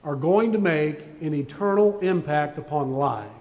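A man's voice: a little high, unhurried, darkish tone, big-room sound. A man preaching a sermon as pastor, folksy and joking as he tells stories to his congregation. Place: church sanctuary.

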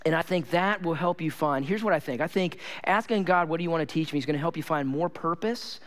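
A man's voice: a little high, fast, fairly bright tone. A male pastor preaching a sermon, telling stories animatedly and repeating phrases for emphasis.

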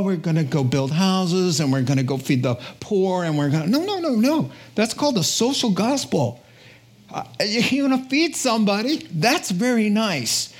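Animated male pastor preaching. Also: high-pitched. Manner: animated, emphatic, conversational. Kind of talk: sermon.

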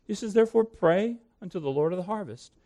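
A pastor preaching with earnest conviction, stopping often to read scripture aloud. His voice is mellow and warm yet sits a little high for a man. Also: expressive, fast talker. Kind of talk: sermon.

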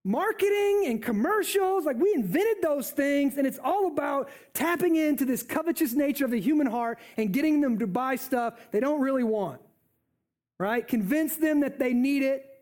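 A man preaching a sermon in an animated, conversational way. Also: extremely high pitch, normal speed.

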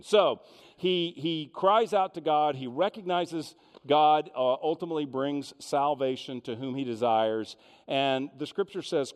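A pastor retelling a Bible story in a conversational, expressive sermon. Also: male voice, medium pitch, in a large hall.

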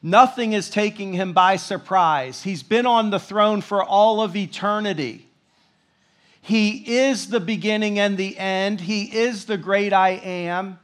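Male preacher, high voice, slow and emphatic, reads scripture then comments. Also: a bit bright. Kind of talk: sermon.

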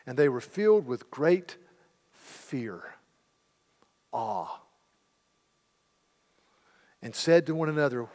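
A man's voice: mid-range voice, takes it slowly, long pauses. A middle-aged man preaching a sermon in a church sanctuary, telling the story vividly and slipping into the voices of the people in it. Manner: animated storytelling, retelling scenes in character voices. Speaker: pastor. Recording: long hall reverb.

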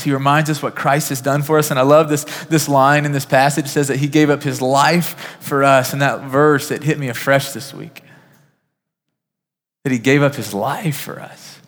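A man preaching a sermon as pastor, earnest, naming listeners one by one, building to emphatic peaks and dropping to a soft hush. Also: mid-range voice. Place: church sanctuary. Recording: reverberant church hall.

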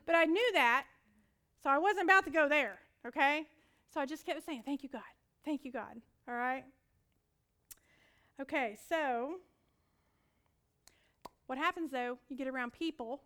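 A woman preaching with a high, bright voice. She tells her story in an animated way, keeps calling on the audience to respond and laughs often. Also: measured pace, pauses often. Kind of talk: sermon.

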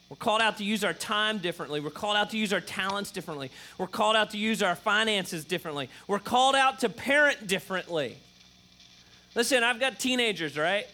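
Middle-aged pastor preaching, keeps saying okay, fairly high voice. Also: male voice, bright, forceful tone. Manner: emphatic, repetitive preaching with frequent "okay?" check-ins. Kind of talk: sermon.

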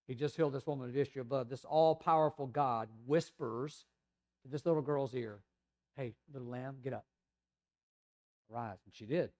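A middle-aged man with a Southern American accent preaching a sermon in a conversational way, reading quotes aloud and swinging between loud emphasis and hushed asides. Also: mid-range voice. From Tennessee, USA. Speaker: pastor.

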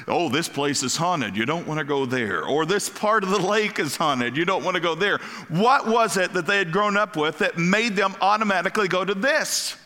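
A man preaching a sermon as pastor, animated and asking the congregation questions. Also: high-pitched. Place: church sanctuary. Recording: long hall reverb.

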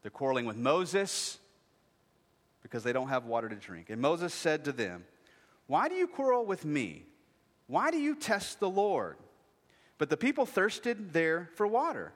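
A man in his thirties preaching a sermon, lively and joking, acting out voices as he speaks. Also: fairly high pitch, measured pace. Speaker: pastor. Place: church sanctuary. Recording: long hall reverb.

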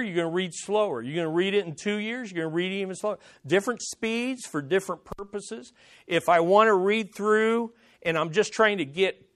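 A middle-aged man with a fairly high voice preaches in an easy, conversational way. He drives his points home by repeating short phrases with emphasis. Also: a bit bright. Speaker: pastor. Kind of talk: sermon.

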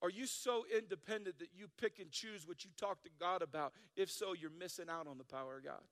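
Pastor, male, from South Dakota; high voice, playful sermon delivery with long church reverb. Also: a little fast. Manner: animated, joking, acts out listeners' voices.

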